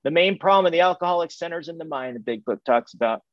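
A middle-aged Californian man shares his recovery story with a recovery group in a candid testimony, repeating phrases and restarting sentences haltingly. His voice is a little high and animated, with no echo, and the sound is dull, muffled and dry.

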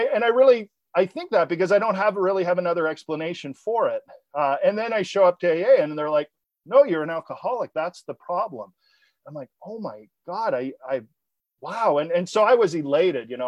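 A man sharing his story of recovery in a personal talk, halting, with many restarts and repeated words. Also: high voice, dry recording. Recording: dull lo-fi recording.

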